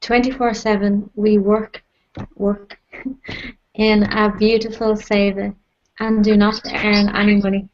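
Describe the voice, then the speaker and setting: A woman acting as moderator, reading a letter aloud in a steady way. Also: mid-range voice, slow pace, highs cut off, slight background noise.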